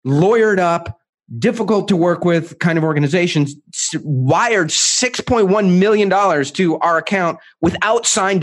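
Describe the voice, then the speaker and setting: A man speaking as a guest author in an interview, emphatic and animated, acting out quotes with many restarts. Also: fairly high pitch.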